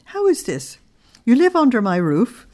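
A loving father coaxes his doubting daughter, his voice lifting higher and brighter as he pleads, as a woman teacher reads him out. He is tender and patient rather than stern. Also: wildly swooping pitch, normal speed. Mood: tender pleading. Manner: tender, coaxing.

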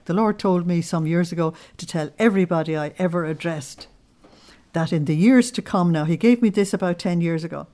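Low-voiced woman giving an earnest sermon. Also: warm tone. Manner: earnest, unhurried, personal storytelling. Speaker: religious teacher. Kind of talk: spoken sermon.

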